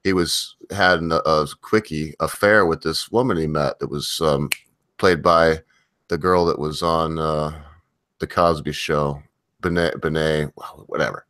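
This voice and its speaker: A man's voice: a bass voice, steady tone, unhurried, fairly bright tone, dry recording. A male host chatting casually on a live stream, rambling and wandering off on tangents as he talks.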